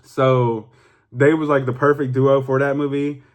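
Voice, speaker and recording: A young man talks straight to his camera. He rambles casually, swears freely and leans on fillers, getting animated as he goes. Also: mid-range voice, unhurried. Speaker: YouTuber. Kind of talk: casual vlog monologue.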